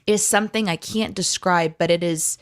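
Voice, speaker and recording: Rambling, animated woman co-host. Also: fairly low pitch, normal speed. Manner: rambling, animated storytelling with many fillers. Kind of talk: casual live chat.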